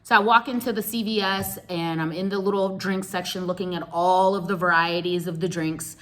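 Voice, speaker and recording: A woman telling a story casually to her viewers, animated and slangy, laughing as she goes. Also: lowish voice, brisk.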